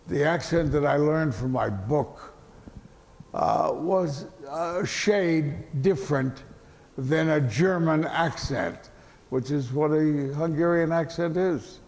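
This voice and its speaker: An older man, a veteran actor answering questions at an event, halting with many fillers and dry deadpan jokes. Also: a little high. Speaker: interview guest, veteran actor. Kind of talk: relaxed panel conversation. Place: event hall with audience. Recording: echoey hall.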